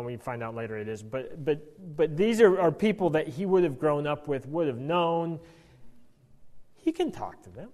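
Male Bible teacher, conversational and wry, lots of restarts; slightly high voice, reverberant hall. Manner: animated, stammering restarts, wry asides.

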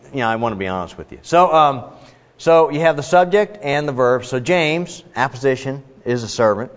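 A man leads a casual Bible study lesson in a chatty, rambling way, with many fillers, restarts and self-deprecating asides. His voice sits at an ordinary middle pitch. The recording is dull and lo-fi, with a long reverb trailing behind him. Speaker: Bible teacher. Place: work-from-home setting.

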